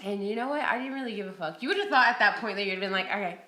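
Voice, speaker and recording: Bright, blunt woman in an echoey room. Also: mid-range voice, very fast. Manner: blunt, profane, animated storytelling. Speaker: podcast co-host. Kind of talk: casual storytelling chat.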